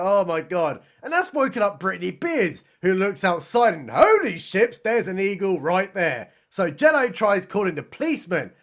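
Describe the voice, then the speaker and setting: A man narrating a sarcastic comedic recap of a film as a reviewer, mocking it and swinging between deadpan asides and excited outbursts. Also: high-pitched, moderate pace, few pauses. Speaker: movie reviewer.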